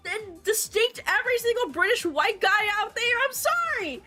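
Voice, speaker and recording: A woman streamer chatting casually to her livestream audience, animated and excitable, swearing freely and laughing often. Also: very high-pitched, moderate pace, soft background music. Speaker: VTuber streamer.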